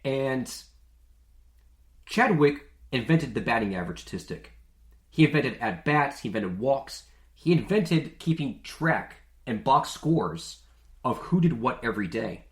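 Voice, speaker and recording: Man, podcast host, casual chatty monologue, jokey, mid-pitched, echoey room. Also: lively intonation, unhurried.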